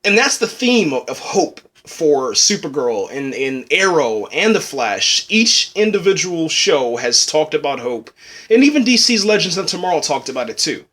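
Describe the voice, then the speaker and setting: A man talks through a TV episode in a loose, rambling way, circling back on his words and tacking "man" onto his sentences. His voice sits a bit high for a man, and he is choked up and close to tears. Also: sing-song, normal speed, fairly bright tone. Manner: rambling, says "man" a lot, restarts. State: tearful, choked up. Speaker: TV episode reviewer. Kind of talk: emotional casual review.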